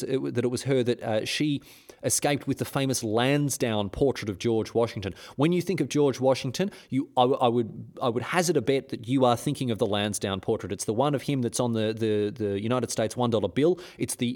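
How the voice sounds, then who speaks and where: A man's voice: medium pitch, fairly quick, darkish tone. Jokey man telling history. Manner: jokey, sarcastic, many restarts and fillers. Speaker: history podcast host. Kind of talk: casual history storytelling.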